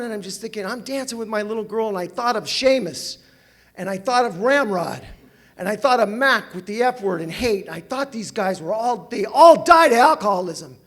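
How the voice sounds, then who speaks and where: Brief: older man, Southern California, high-pitched, lively self-mocking recovery-meeting storyteller who laughs a lot. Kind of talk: personal storytelling talk. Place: meeting hall with audience.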